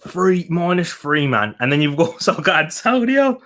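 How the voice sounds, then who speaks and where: A man's voice: fairly high pitch, very animated, normal speed, a bit bright. A young man hosting a casual football watch-along, chatting to viewers while eating and laughing often. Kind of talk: casual live-stream chat reading comments.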